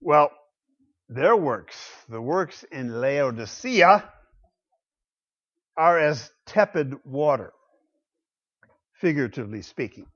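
A man preaching a sermon in a slightly raised voice, his delivery emphatic, with loud bursts of declaration that drop to quiet, confiding asides. The recording is dull and lo-fi, missing its high end. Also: very animated, slow, long pauses. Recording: dull lo-fi sound.

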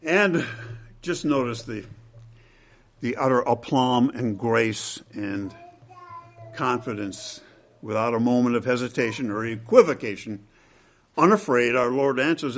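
A man preaching a sermon with dramatic, emphatic delivery, swinging between loud and hushed lines. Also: mid-range voice, unhurried, pauses often.

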